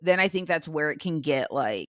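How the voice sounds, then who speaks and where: A young woman co-hosting a casual podcast, telling a story with many restarts and fillers, and jumping much higher when she acts out her own outbursts. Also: expressive, moderate pace, dry recording, clean studio sound. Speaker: podcast co-host. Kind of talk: casual chat.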